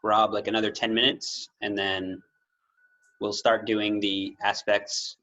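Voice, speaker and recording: A man with a lowish voice chats with dry, relaxed humor as he gets a tabletop game started with his group. He comes through a video call, and the sound is a little dull and muffled. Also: unhurried. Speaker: game master organizing the session. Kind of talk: casual chat before a tabletop game.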